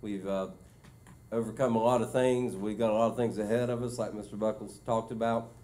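A man's voice: fairly low pitch, steady tone, a little fast, mellow. A man, a school superintendent giving his report at a board meeting in a casual, filler-heavy way. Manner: conversational, many fillers and restarts. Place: meeting room.

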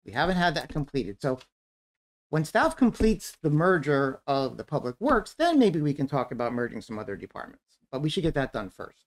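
A man's voice: on the high side, sing-song, a little fast. A man giving blunt, critical public comment at a town forum over a video call, repeating his points. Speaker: resident commenter.

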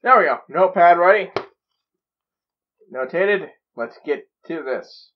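A man's voice: sits high, expressive, measured pace, phone-quality sound. A man hosting a reaction video, talking in a giddy, rambling way full of stammered restarts. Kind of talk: excited reaction commentary.

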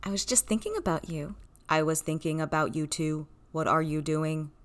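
A text-to-speech voice playing a monotone computer imitation of a man in a comedy sketch. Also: medium pitch, normal speed, natural voice. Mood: deadpan. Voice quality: monotone, robotic.

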